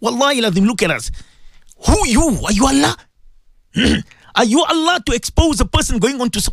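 Guy preaching on the radio, super animated voice, keeps repeating himself, dry close sound. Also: very high voice, fairly quick, creaky, long pauses, no room sound. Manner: fervent, repetitive, preachy, asks listeners direct questions. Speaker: radio presenter giving religious advice. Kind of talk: impassioned radio sermon.

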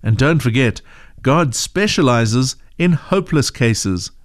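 A man voicing a gentle, patient churchgoing mother in a storybook reading, calm and encouraging. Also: medium pitch, slow pace, no echo, studio quality.

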